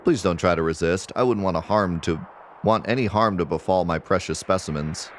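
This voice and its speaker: A man's voice: low-pitched, a little fast, a little hiss or hum, lightly acted. A man voicing a sly, scheming male scientist villain who gloats and laughs mockingly while reading game dialogue aloud. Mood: gloating.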